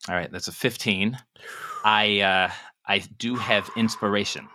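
A man playing in a tabletop game, calmly describing his character's actions with some swearing. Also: on the low side, unhurried, no echo. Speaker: player. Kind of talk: tabletop game play, casual.

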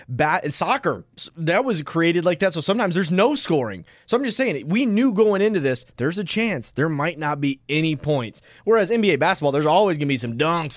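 Man, co-host, casual sports chat, emphatic, addresses listeners, slightly high voice, dry studio sound. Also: no room sound. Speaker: radio show co-host.

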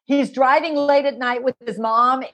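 A woman's voice: high-pitched, steady tone, normal speed, a bit bright. A middle-aged woman, a parenting author, telling stories in an interview and acting out the voices of the people in them. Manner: acts out voices of children and parents in her stories. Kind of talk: animated storytelling interview.

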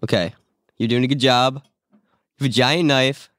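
A man's voice: medium pitch, fairly even intonation, moderate pace, fairly bright tone, no echo. A man hosting a podcast in casual chat, joking and laughing often. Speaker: podcast host.

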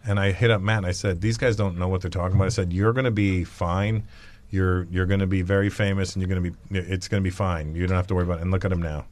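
A man's voice: deep voice, steady tone, quick pace, darkish tone. A middle-aged man, a touring comedian, chatting wryly in an interview and acting out his own stories in quoted dialogue. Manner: wry, storytelling, quotes himself in dialogue. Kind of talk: casual interview chat.

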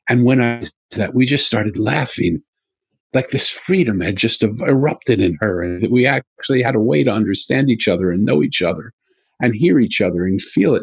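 A man's voice: fairly low pitch, creaky, husky, dry recording. A man speaking earnestly as an interview guest, telling a story with repeated emphatic phrases.

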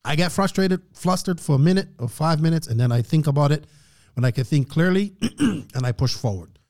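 A man's voice: fairly high pitch, animated, brisk, a little mellow. Man giving a preachy motivational rant. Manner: preachy, motivational, frequent throat clearing. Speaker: podcast host. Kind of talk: casual podcast rant.

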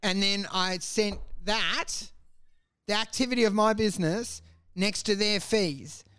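A man's voice: high-pitched, unhurried, pushed and bright, smooth, no echo. A man in casual chat, ranting with lots of swearing and acted-out voices. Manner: profane, ranting, acts out voices.

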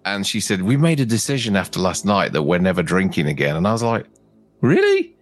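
A man co-hosting a casual movie review chat, animated and quick to laugh, acting out lines from the film. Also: low-pitched, soft background music. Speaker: podcast co-host.

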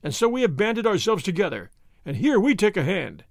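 A man voicing the proud leader of young noble horsemen, speaking sternly and forcefully. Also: high-pitched, big pitch swings, a little fast, gravelly, no room sound, studio quality, full character voice.

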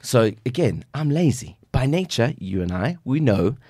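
A man's voice: medium pitch, very animated, moderate pace, warm tone, slightly rough, no room sound, clean studio sound. A man from South Africa, a guest life coach on a podcast, talking in an emphatic, preachy way and acting out little quotes. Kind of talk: casual podcast conversation.

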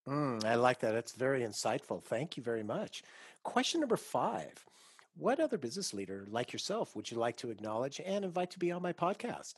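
A man's voice: mid-range voice, very animated, a little fast, slightly rough, no echo, studio quality. A male podcast host asking scripted interview questions in an upbeat, appreciative way.

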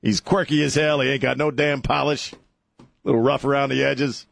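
A man's voice: mid-range voice, little pitch movement, normal speed, gravelly, no echo. A man hosting a talk radio show, blunt and brash, laughing often between opinions. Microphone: studio mic.

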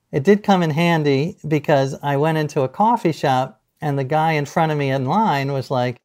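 A middle-aged man telling anecdotes as a podcast guest, animated, laughing easily and acting out what people said. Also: a little high, moderate pace, hardly any pauses. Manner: animated storyteller, laughs often, acts out quotes. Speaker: guest author. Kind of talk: casual podcast interview.

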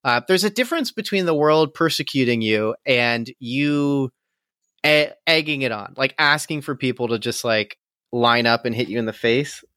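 A male podcast co-host chats casually, laughing often and speaking with emotion. His mid-range voice is bright, forceful, clear and resonant at normal speed, recorded in clean studio sound with no room echo.

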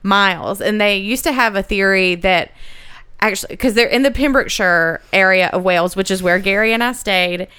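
A woman's voice: mid-range voice, normal speed, pushed and bright, clean tone, no echo. A woman co-hosting a podcast, explaining a history story in casual chat with her sister and laughing often. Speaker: podcast co-host.

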